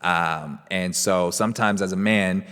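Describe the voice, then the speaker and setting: A man's voice: sits low, fairly even intonation, unhurried, fairly bright tone, clean tone, big-room sound. A man hosting a podcast, telling a personal ghost story in a rambling, laid-back way with lots of fillers. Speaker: podcast host. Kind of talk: casual storytelling.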